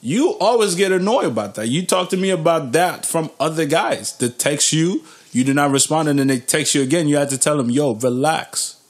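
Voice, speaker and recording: A man's voice: on the high side, animated, a little fast, few pauses. A young man hosting a podcast in casual chat, laid-back and slangy, often restarting his sentences. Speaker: podcast host.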